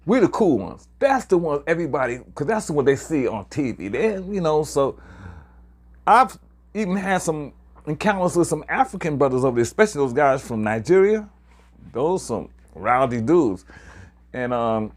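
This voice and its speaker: A man's voice: a little high, big pitch swings, moderate pace. A man, casually talking to viewers about his travels, rambling and hesitant with many fillers. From New York, Harlem. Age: 60s. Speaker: traveler sharing experiences. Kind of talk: casual video talk to viewers.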